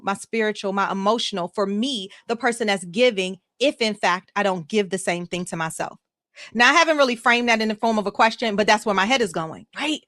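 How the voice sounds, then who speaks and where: A woman life coach hosting a live online show in an energetic, emphatic way, repeating words for emphasis. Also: a little high, dry recording, studio quality. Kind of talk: upbeat live-stream motivational talk.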